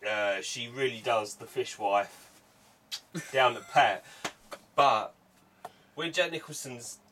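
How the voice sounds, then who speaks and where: A man's voice: mid-range voice, slow pace, pushed and bright, recorded from a distance, slight background noise. A man, co-hosting a casual chat in a blunt, sweary way. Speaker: podcast co-host.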